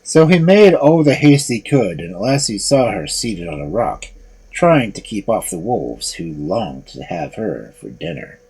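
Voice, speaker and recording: Expressive husky fairy tale storyteller. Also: low-pitched, measured pace, rough recording. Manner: expressive, dramatic.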